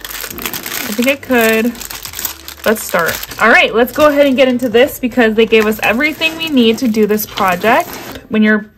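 With a fairly high voice, a woman talks fairly quickly and hardly pauses, over slight background noise. She's unboxing craft items at an indoor table for her vlog, excitedly gushing and exclaiming to viewers as packaging crinkles.

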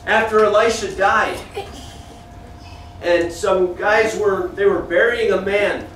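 A man with a strikingly high voice leads a children's Bible lesson, telling the story with animation and breaking off to keep the kids in line. He sounds far from the mic in a very echoey church classroom, with faint noise underneath. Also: steady tone, slow pace, a bit bright.

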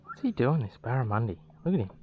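A young man, a fishing vlogger, chatting to his camera outdoors by the water, excitable and swearing as he mutters to himself. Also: medium pitch, fast talker, phone-quality sound, slight background noise. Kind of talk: casual running commentary to camera.

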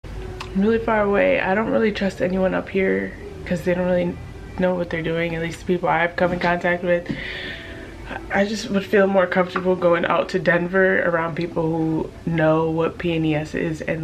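A young woman talking in an emotional diary vlog, rambling and near tears, her voice dropping soft at times. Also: on the low side, slight background noise, rough recording. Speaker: vlogger.

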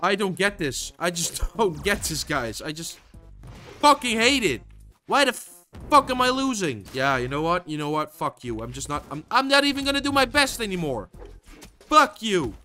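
Young male gaming streamer, high lively voice, swears a lot, shouts when losing. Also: moderate pace, faint music behind. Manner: swings between frustrated shouting and low muttering, lots of swearing. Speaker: gaming YouTuber. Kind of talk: live gameplay commentary.

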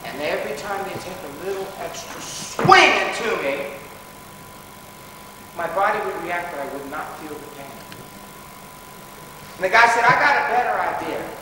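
A man's voice: sits high, lively intonation, a little slow, long pauses, background noise. A man giving a dramatic personal storytelling talk to a school assembly, recorded from far off in a large hall. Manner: dramatic, rises to pleading shouts. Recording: distant echoey hall recording.

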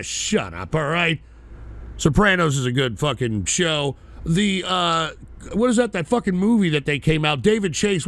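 Male host, brash and rambling, higher-pitched voice, dry close mic, casual profane radio banter. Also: fairly bright tone, no room sound. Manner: brash, rambling, mock-indignant. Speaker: host of a call-in radio show.

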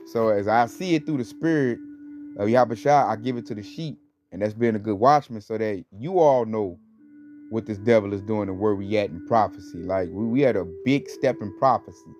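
This time the religious teacher's voice is lowish and darkish, moving at a moderate pace. His casual religious talk wanders, packed with fillers and sneering stress, over a dull lo-fi track with faint music.

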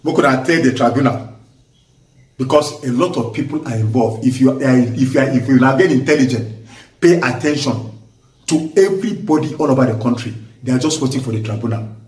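A man with a Nigerian accent giving impassioned political commentary, forceful and emphatic, hammering points through repetition. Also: mid-range voice, brisk. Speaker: vlogger. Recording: echoey room, voice distant from mic.

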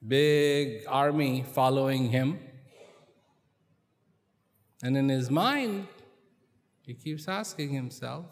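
A man telling a story to a live audience in a large hall and questioning them directly, in a slow, deliberate manner. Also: mid-range voice. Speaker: speaker addressing an audience. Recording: long hall reverb.

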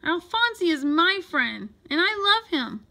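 A woman voicing an excited young boy who pleads for his pet, in a storybook read-aloud. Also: a little slow. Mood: pleading. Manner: eager, high and pleading.

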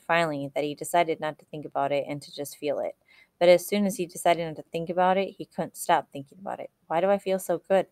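A woman reading a children's novel aloud in a steady storytelling manner, with the odd slip and restart. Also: deep voice, no room sound, clean studio sound. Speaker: reader.

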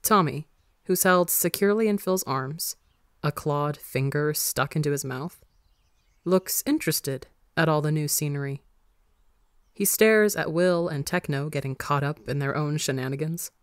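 A podcast reader narrating a story in a steady, even manner. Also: mid-range voice, a little slow, clear, resonant tone, dry recording, studio quality. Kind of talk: audiobook narration of fan fiction.

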